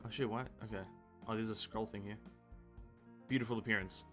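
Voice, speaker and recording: A man's voice: fairly low pitch, fairly even intonation, fairly quick, a bit bright, soft background music. A man streaming a video game, rambling casually with self-mocking asides, swearing freely and tripping over words as he reads game text aloud. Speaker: gaming streamer. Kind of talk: casual live-stream chat.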